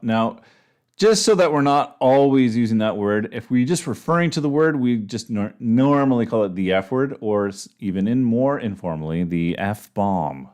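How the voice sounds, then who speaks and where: A man with a slightly low voice runs a casual English lesson. He chats easily and acts out slang phrases with a playful tone. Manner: relaxed, chatty, quotes slang examples in a playful tone. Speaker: English teacher.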